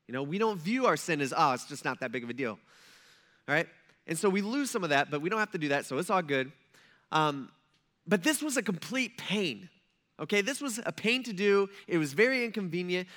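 A pastor gives a sermon in a high, bright voice. He talks to the congregation casually, slipping in joking asides and quick questions. The talk has the loose feel of a conversation, not a formal address.

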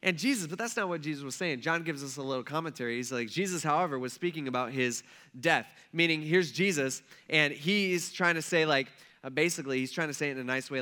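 A man's voice: fairly high pitch, quick pace, pushed and bright, clean tone. A male pastor giving a casual, conversational sermon, retelling a story and checking in with listeners as he goes.

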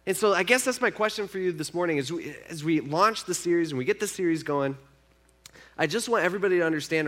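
A man preaches to his congregation in a casual, conversational way. His voice sits a little high, and he drops to near-hushed asides before building to loud, emphatic points. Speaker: pastor. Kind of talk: sermon.

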